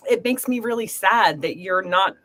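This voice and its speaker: A woman's voice: mid-range voice, normal speed, a bit bright. A middle-aged woman giving an earnest, emotional psychic reading, reassuring and encouraging. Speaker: psychic reader. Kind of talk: live group reading.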